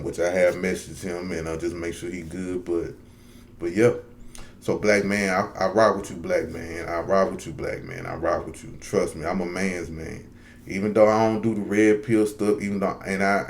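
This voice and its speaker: Low-voiced guy doing heartfelt vlog talk, real earnest, says stuff twice to drive it home. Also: a little fast, a little hiss or hum. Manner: earnest, heartfelt, repeats lines for emphasis. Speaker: vlogger. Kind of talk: direct-to-camera commentary.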